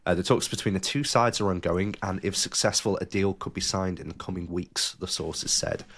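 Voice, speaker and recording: A man's voice: deep voice, normal speed, fairly bright tone. A man hosting a casual podcast, joking around and reading news stories aloud with his own asides. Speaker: podcast host. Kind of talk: casual chat.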